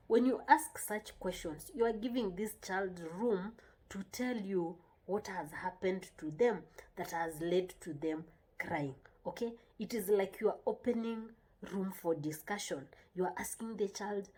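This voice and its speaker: A woman's voice: on the low side, normal speed, mellow, husky. A woman talking casually and earnestly about parenting, often repeating herself and checking in with the listener. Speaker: parenting vlogger. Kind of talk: casual advice talk.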